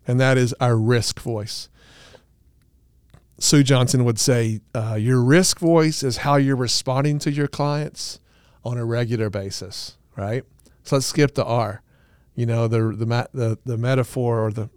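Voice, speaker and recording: Male podcast co-host, smooth clear voice, earnest explainer with dry humor, dry close recording. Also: medium pitch, a little mellow, dry recording. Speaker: podcast co-host, couples therapist. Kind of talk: casual podcast talk.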